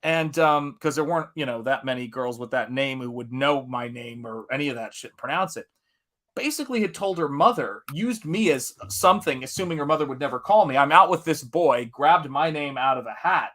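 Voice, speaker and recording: A man from Tennessee hosting a live art stream, telling a story in a casual, animated way with frequent laughs and swearing. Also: mid-range voice, a little fast. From Tennessee, USA.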